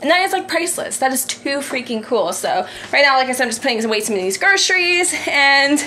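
A woman with a high, sing-song, slightly bright voice talks a little fast while vlogging at home on a handheld camera as she puts away groceries. She chats casually, giggling and rambling with lots of "like" and "I don't know."

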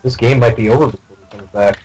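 A man playing a tabletop game, chatting casually and quick to correct the others on the rules. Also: mid-range voice, darkish tone, slightly rough, highs cut off. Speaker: player.

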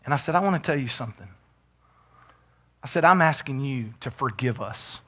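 Bright-voiced preaching pastor, a man. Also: medium pitch, animated, moderate pace. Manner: builds from quiet storytelling to shouted preaching. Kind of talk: sermon.

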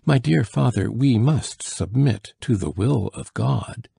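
A man's voice: deep voice, lively intonation, unhurried, vocal fry, dark tone, breathy edge, heavily acted. A male reader voicing an anguished young nobleman who pleads with his dying father in a raised, urgent voice. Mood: pleading.

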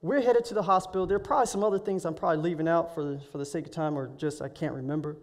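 A man preaching to students, telling a story with emotion, halting and restarting as he speaks. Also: a little high. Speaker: guest speaker. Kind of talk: sermon storytelling. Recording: live hall recording with long reverb.

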